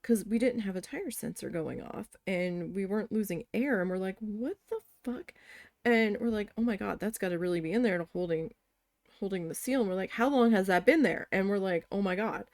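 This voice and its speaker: A woman's voice: medium pitch, a little fast, no echo, studio quality. A young woman, a crafting vlogger, chatting casually and telling a story, swearing freely and acting out what others said. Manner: chatty, swearing, quoting others in lively voices.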